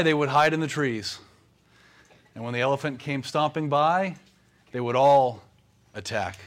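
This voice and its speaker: A man preaches a sermon in a measured, steady voice of middle pitch. He pauses often between phrases as he works through his text. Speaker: pastor.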